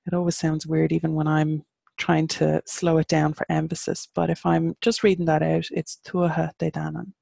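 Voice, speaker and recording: A woman with an Irish accent giving a casual online lesson, patiently spelling out words and slowing down to model pronunciation, and blunt in her opinions. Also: deep voice, flat delivery, vocal fry, mellow, no echo. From Ireland. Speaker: teacher of Irish pagan studies.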